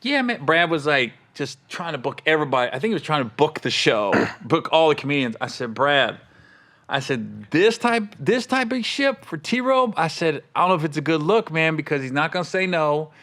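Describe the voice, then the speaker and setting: Bright-voiced man telling stories. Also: on the high side, a little fast. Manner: animated storyteller, acts out quotes. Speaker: comedian podcast host. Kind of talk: casual chat.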